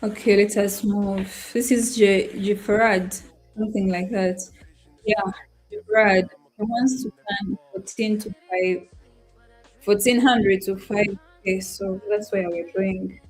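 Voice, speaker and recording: A woman's voice: medium pitch, fairly even intonation, takes it slowly, a little mellow, breathy edge. A young woman chats casually to her viewers during a live trading stream. She sounds emotional and apologetic, half talking to herself. Faint music plays behind her voice. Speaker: trading livestream host. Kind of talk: casual livestream chat to viewers.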